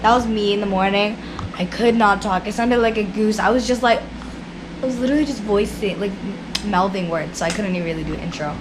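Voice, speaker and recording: A hoarse young woman from Canada, chatting casually to camera as a vlogger, rambling with lots of fillers. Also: mid-range voice, fairly quick, noisy background. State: hoarse, losing her voice. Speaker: vlogger and karate competitor. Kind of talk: casual vlog chat to camera. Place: hotel room.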